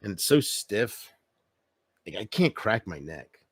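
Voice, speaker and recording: A man's voice: fairly low pitch, very animated, slow pace, breathy edge, no room sound, studio quality. A man chatting casually on his livestream, rambling and joking, with frequent swearing.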